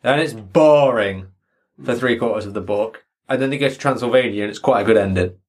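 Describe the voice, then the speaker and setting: Brief: man, podcast co-host, sarcastic and sweary, mid pitch. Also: a little fast. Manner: sweary, sarcastic, mocking retelling. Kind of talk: casual book chat.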